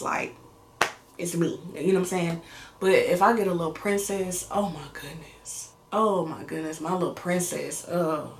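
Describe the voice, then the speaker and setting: A young American woman chatting casually in a get-to-know-me vlog, animated and slangy, laughing as she tells stories. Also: lowish voice. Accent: American English. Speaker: vlogger. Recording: roomy echo.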